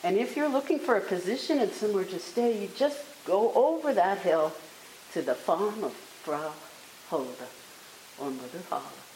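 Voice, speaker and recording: A woman's voice: medium pitch, expressive, moderate pace, darkish tone, lightly acted. A woman voicing a kindly old woman at a cottage in a homely, approving way. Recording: echoey room with faint hiss.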